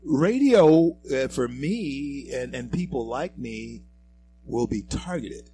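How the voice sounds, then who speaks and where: Slow, emphatic male talk radio host. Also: mid-range voice, lively intonation, warm tone, faint music behind. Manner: emphatic, preachy, addresses listeners as folks and friends. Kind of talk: political talk radio commentary.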